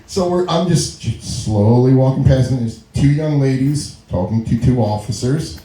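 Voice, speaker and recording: A middle-aged male comedian with a dark-toned, medium-pitched voice performs a stand-up set at a moderate pace in a small comedy venue. He tells long stories, laughs at his own lines, and acts out quotes, and the recording sounds echoey.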